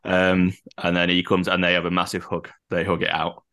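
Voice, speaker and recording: A man's voice: low voice, completely flat delivery, fairly quick, fairly bright tone. A man co-hosting a casual podcast chat, animatedly retelling a wrestling show and acting out the quotes. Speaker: podcast co-host.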